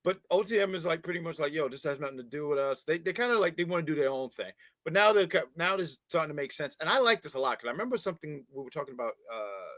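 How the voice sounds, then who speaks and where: An expressive man with a bright, high-leaning voice chats casually on a wrestling review show. He swings his pitch a lot and often trips over and repeats his words. The sound is close and dry. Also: very fast, hardly any pauses, no room sound. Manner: animated, repeats words, baby-talks to his cat.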